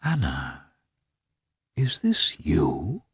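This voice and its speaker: A man voicing a stiff middle-aged husband who speaks coldly, calmly and with deliberation. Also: low voice, slightly rough, no room sound, studio quality, full character voice. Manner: cold, calm, deliberate.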